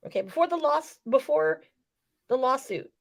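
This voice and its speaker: A woman's voice: high voice, animated, moderate pace, vocal fry. A woman in casual podcast chat, telling a story with profanity and acting out the quotes. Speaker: wrestling podcast co-host.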